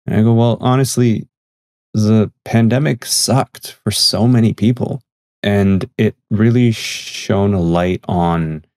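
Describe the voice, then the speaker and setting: Canadian man, podcast guest, low-pitched, dry studio sound; earnest, reflective storytelling with voiced quotes. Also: a little mellow, no echo. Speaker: podcast guest and magazine editor.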